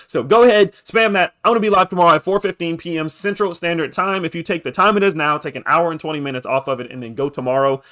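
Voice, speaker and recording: A young man on a live crypto stream, talking into a desk mic. His voice is fairly high, and his pitch jumps around a lot as he hypes up the chat. He keeps pushing for likes and shouting people out. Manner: hyped, pushy about likes, shout-outs. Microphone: desk microphone.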